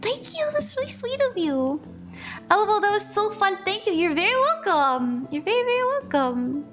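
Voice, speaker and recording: A woman's voice: very high voice, big pitch swings, moderate pace, fairly bright tone, soft background music. A young woman doing a casual live-stream tarot reading, chatty and bubbly, laughing often and greeting viewers by name.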